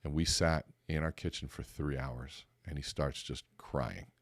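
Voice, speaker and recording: With a rumbling low voice and an unhurried pace, a podcast host and speaker coach gives a motivational talk on conversation. He tells his stories with animation, acting out the dialogue in a raised voice, and the recording has no echo.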